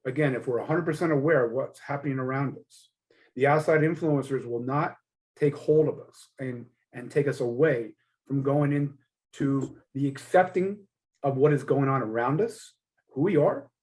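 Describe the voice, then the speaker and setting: A middle-aged man who is a guest coach in an interview. He speaks in a reflective, measured way and often comes back to the same points. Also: mid-range voice, darkish tone, poor audio. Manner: reflective, measured, repeats "again" and "yes". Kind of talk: conversational interview.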